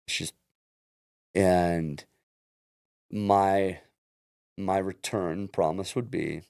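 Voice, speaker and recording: A man with a very low, gravelly voice, speaking as a guest on a podcast. He tells his story earnestly, often restarting his sentences. The sound is dry and close, with no room around it. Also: steady tone, extremely slow, darkish tone, dry recording. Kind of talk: casual interview chat.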